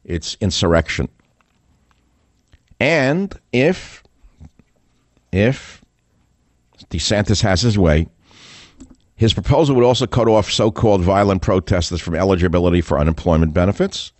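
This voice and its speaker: Combative deep-voiced older male host. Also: expressive, unhurried, long pauses, a little mellow, no echo. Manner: combative, scornful, repetitive emphasis. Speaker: talk radio host. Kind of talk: opinionated political monologue.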